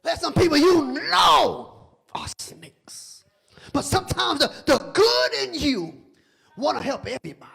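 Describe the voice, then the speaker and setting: A man preaching a sermon as pastor, joking with the congregation and building from quiet talk to shouting, often repeating words. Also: very high voice, very animated, unhurried, gravelly. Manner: conversational preaching that rises to shouting, with stammered repeats; humorous, teasing the congregation.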